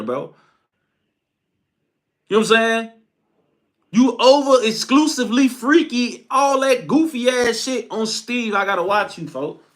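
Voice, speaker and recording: Young man, very high and bright voice, crude ranting commentary. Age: young adult. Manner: animated, crude, laughing. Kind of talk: profane solo commentary rant.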